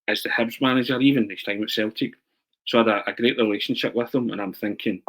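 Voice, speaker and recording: Lively man telling stories. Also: lowish voice, rough recording. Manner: animated, laughing, repeats and restarts his words. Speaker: journalist and writer, interview guest. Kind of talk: anecdotal storytelling in an interview.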